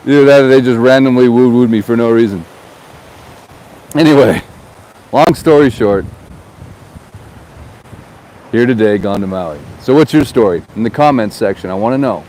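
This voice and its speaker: With a handheld camera on a gimbal, a man who works in real estate vlogs casually beside the ocean while waves and wind sound in the background. He talks in a rambling, chatty way, repeating words and pausing often, his mid-range voice a little mellow at a moderate pace. The recording quality is low.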